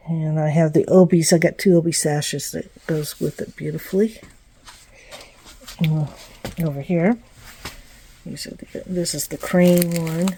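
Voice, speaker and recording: A woman's voice: low-pitched, mellow. A woman casually walking through her new home, chatting and rambling with fillers and small laughs. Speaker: vlogger giving a home tour. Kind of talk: casual home tour walkthrough. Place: small home indoors, bedroom and bathroom.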